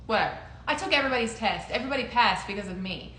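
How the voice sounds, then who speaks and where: A woman's voice: on the high side, expressive, racing, fairly bright tone, roomy sound, slight background noise. A young woman in casual conversation, telling a personal story with lots of laughter and quoted voices. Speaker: podcast co-host.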